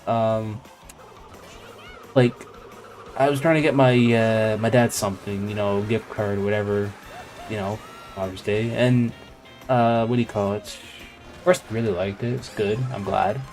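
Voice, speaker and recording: A man's voice: on the low side, steady tone, measured pace, pauses often, a little mellow, faint music behind. Rambling man hosting a game stream. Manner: rambling, digressive storytelling. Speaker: live stream gaming host. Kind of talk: casual chat while playing a racing game.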